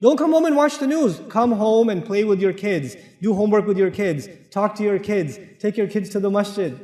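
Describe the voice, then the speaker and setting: A man's voice: high voice, moderate pace, darkish tone. A man with an American accent preaching a joking, direct sermon to families. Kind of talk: humorous sermon. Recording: echoey hall with long reverb.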